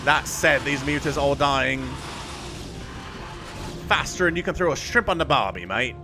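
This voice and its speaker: A man voicing a cheery, over-the-top Australian game caster with a put-on accent, exaggerated slang and a raised, loud voice. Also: medium pitch, a little slow, music in the background, natural voice. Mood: hyped. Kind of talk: mock-Australian game commentary.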